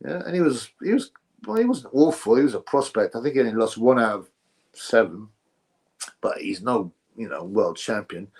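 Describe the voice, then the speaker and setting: A man's voice: fairly low pitch, animated, normal speed, a little mellow. A man hosting a casual livestream, rambling sarcastically and answering chat messages. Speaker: livestream host.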